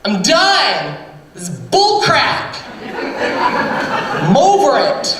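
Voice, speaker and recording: A man voicing a fed-up, dramatic male prophet who shouts sassy complaints. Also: very high-pitched, huge pitch swings, extremely slow, crowd noise, voice pushed up, exaggerated voice. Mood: exasperated. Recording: echoey stage heard from far off.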